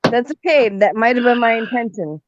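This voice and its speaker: A woman co-hosting a casual chat, easygoing and quick to laugh. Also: fairly high pitch, expressive, muffled recording. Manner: laughs often, slow easygoing talk. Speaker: co-host.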